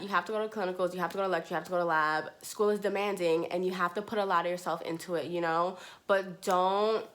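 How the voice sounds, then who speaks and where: Her voice runs somewhat low yet a bit bright as this young nursing student relaxes into storytelling for her viewers. "Like" and "you know" pop up over and over in her chatty delivery.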